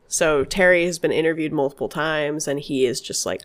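Woman, podcast co-host, low-pitched, casual storytelling. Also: a little fast, hardly any pauses. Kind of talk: casual chat.

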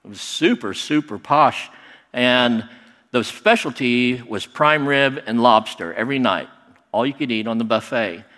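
Animated middle-aged man in a reverberant hall. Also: mid-range voice, a little slow. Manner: animated, acts out other people's lines. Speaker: storyteller. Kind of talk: personal story told to an audience.

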